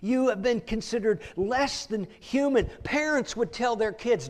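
A man's voice: very high voice, a little slow, few pauses. A middle-aged man preaching a sermon, telling a story vividly with frequent word repeats. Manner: vivid storytelling, repeats words, acts out voices.

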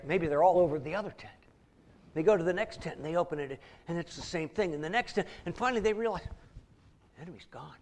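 High-voiced man preaching a story. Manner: vivid storytelling, repeats words, acts out voices. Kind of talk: sermon.

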